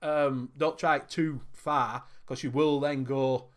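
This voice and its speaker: A man's voice: medium pitch, fairly even intonation, takes it slowly. A man hosting a livestream, rambling and chatty, laughing often, on a video call. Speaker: host. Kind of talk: casual livestream chat.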